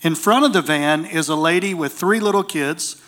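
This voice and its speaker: A man preaching, telling a story with lots of animation. He acts out the people in the story in a high, bright voice that has a sharp edge to it. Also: normal speed. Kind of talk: storytelling sermon.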